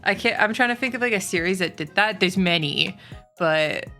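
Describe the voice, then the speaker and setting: Woman streamer, casual chatty ranter, bright tone, faint music behind. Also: mid-range voice, normal speed. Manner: chatty, swearing, animated rants. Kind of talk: casual stream chat, reading chat.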